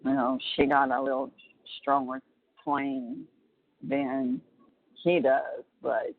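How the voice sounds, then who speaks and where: A middle-aged woman chatting casually on a phone call, talking haltingly with many restarts. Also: a bass voice, animated, vocal fry, no echo. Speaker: relative on a prison call. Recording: tinny phone line.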